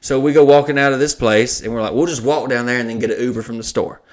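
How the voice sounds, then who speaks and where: This man hosts a podcast and spins a lengthy yarn in a relaxed, chatty way, speaking fast at a medium pitch. His delivery is profane and lively, and he performs what others said in character.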